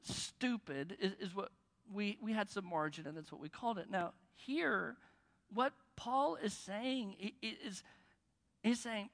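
A man's voice: high-pitched, measured pace, creaky, bright, forceful tone. A man preaching a sermon, talking conversationally, joking, and stressing key words. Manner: conversational, joking, with bursts of emphasis. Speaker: pastor. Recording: long reverb of a large hall.

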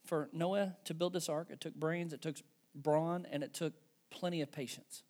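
A man's voice: fairly high pitch, fairly even intonation, moderate pace, darkish tone. A man preaching a conversational sermon to his church, emphatic and frequently checking in with "right?" and "okay". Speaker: pastor.

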